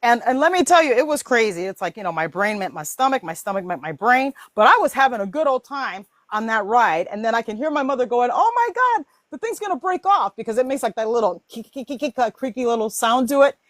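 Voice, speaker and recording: A woman hosting a casual chat about mindset, telling animated stories full of laughs and voiced quotes. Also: a little high, fast, few pauses, no room sound, studio quality. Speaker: host.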